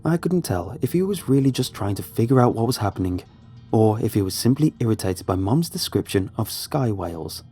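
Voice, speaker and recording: A man narrating a horror story in a measured, suspenseful way. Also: fairly low pitch, animated, mellow, slightly rough. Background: faint music.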